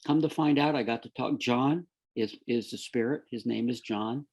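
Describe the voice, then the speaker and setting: A man talks as a guest on a podcast, telling his story in an earnest, animated way and circling back over his own words. His voice has a gravelly fry, with a husky, slightly rough grain. The delivery stays conversational and unscripted. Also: medium pitch, moderate pace. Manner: earnest, animated storyteller who often repeats himself. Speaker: guest, forensic detective.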